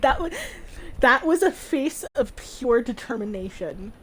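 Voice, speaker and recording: A woman streamer giving gushing, animated casual commentary while playing a game. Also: on the high side, unhurried, slight background noise. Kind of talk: casual let's-play commentary.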